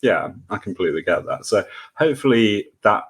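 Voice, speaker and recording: A man co-hosting a podcast in casual chat, easygoing and laughing, often pausing on fillers. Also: lowish voice, expressive, husky. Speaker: podcast co-host.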